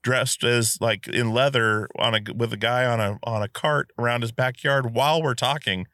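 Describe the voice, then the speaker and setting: A man's voice: medium pitch, moderate pace, no room sound, clean studio sound. A man hosting a podcast, telling a long casual story full of fillers and asides. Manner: animated storyteller, many fillers. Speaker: podcast host.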